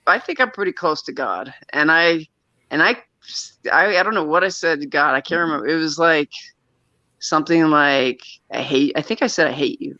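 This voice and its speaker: A man tells a personal story in a casual, rambling way. He keeps circling back, restarting sentences and laughing nervously. His voice sits a bit high and sounds sharp and tense, and it comes through dry and dull, like a lo-fi recording. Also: normal speed, dry recording. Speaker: guest telling a personal story.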